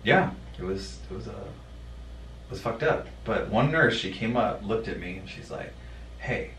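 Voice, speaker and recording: A man telling a personal story in a podcast conversation, blunt and profane, halting with many fillers. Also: on the low side, animated, fairly bright tone, a little hiss or hum. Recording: roomy sound from a distant mic.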